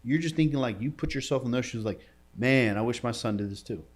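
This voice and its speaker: A man telling an emotional story in a podcast interview, casual and slangy, often dropping to a quiet voice. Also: medium pitch, brisk. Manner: casual slangy talk, says bro and dude. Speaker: entrepreneur guest.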